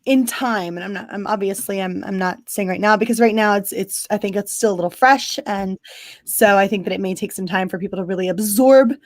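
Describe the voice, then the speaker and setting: A woman's voice: medium pitch, brisk, no room sound. A woman in casual stream chat with a wry, playful manner. Her voice comes through dry and close, with no room sound. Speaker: co-host.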